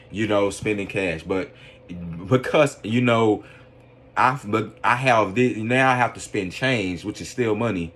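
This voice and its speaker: Rambling, filler-heavy man with a lowish voice. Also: measured pace, fairly bright tone. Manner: rambling, filler-heavy, keeps checking in with the listener; earnest, preaching religious conviction. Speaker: podcast commentator. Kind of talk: casual opinion monologue.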